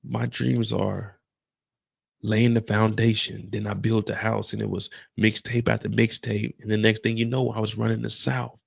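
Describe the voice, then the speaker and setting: A man's voice: fairly low pitch, flat delivery, normal speed, vocal fry, slightly rough, no room sound, exaggerated voice. A man playing an earnest young street hustler. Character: ambitious young male drug dealer, earnest and blunt.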